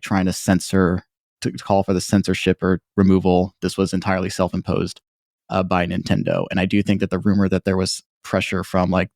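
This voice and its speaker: A man's voice: sits low, darkish tone, no room sound, clean studio sound. A man hosting a casual podcast discussion, talking in long rambling sentences full of fillers and restarts. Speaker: podcast host.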